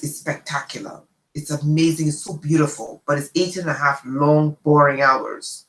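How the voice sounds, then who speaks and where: Woman host, casual storyteller, lively delivery, echoey room. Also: low voice. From immigrant to the United States. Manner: chatty, animated, checks in with "okay?". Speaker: channel host.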